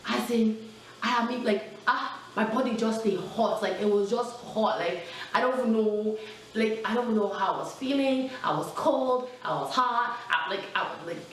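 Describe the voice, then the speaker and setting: A young adult woman telling a personal storytime in a casual, animated way, full of fillers and asides. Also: fairly high pitch, moderate pace, distant mic. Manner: chatty, animated, lots of fillers. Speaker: vlogger. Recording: very echoey room, mic set back.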